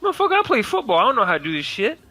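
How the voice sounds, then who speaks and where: A man's voice: very high-pitched, wildly swooping pitch, racing, pushed and bright, soft background music, pitched above the performer's own voice, heavily acted. A man voicing a brash, swearing male football player in a tabletop game. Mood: outraged.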